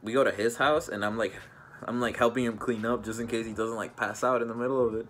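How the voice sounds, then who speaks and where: A man's voice: mid-range voice, fairly even intonation, quick pace, fairly bright tone, a little hiss or hum. A young man telling a casual storytime vlog, rambling with many fillers and restarts. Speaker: vlogger.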